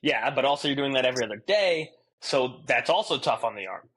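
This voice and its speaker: A man co-hosting a casual sports podcast, animated and quick to laugh. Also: mid-range voice, husky. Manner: animated, laughs often, does joking voices. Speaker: podcast co-host.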